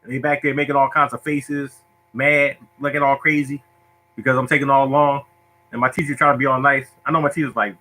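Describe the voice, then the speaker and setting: A man hosting a lottery show, casually telling stories to viewers in an animated, joking, self-mocking way. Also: medium pitch, a little fast, rough recording.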